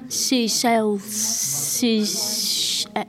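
A woman's voice: mid-range voice, little pitch movement, drawn-out words. A woman learning English, stumbling and restarting through a tongue twister in a busy room. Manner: hesitant, restarting. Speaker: language learner. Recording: busy room with crowd chatter.

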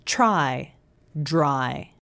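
A woman teaching English pronunciation in a scripted podcast lesson, articulating slowly and carefully. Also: a bass voice, expressive, a bit bright. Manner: slow, clear, careful articulation.

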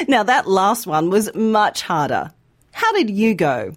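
A woman teaching pronunciation in a scripted podcast, speaking slowly and carefully articulating each sound. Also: medium pitch, big pitch swings. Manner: slow, clear, carefully articulated. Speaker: pronunciation teacher and news presenter. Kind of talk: scripted educational podcast narration.

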